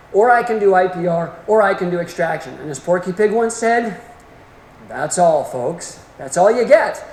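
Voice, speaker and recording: A middle-aged man giving a continuing-education lecture, folksy and emphatic in manner. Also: high-pitched. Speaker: orthodontic lecturer. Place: lecture hall. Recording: echoey hall with faint room noise.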